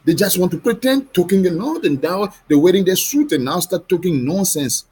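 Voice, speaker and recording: Man, high and husky, talking straight to camera in a heated, pleading rant. He swings his pitch widely and stumbles over restarts. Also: lively intonation, darkish tone. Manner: heated, pleading, repetitive questioning; halting restarts and repeated words. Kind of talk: impassioned monologue to camera.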